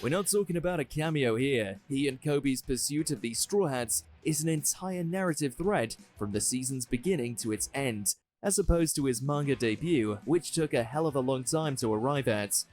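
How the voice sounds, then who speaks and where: A man giving scripted countdown narration in a brisk, polished manner. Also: medium pitch, animated, darkish tone, faint music behind. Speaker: video narrator.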